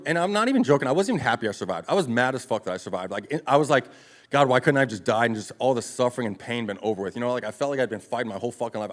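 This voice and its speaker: A man in his thirties speaks at a brisk, rushing clip in a mid-range voice, delivering a live motivational talk. He recounts his life plainly and bluntly, swearing freely as he goes. His delivery is confessional and direct. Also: mid-range voice. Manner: blunt, profane, confessional storytelling. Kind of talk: live motivational speech, personal story. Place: event stage before an audience.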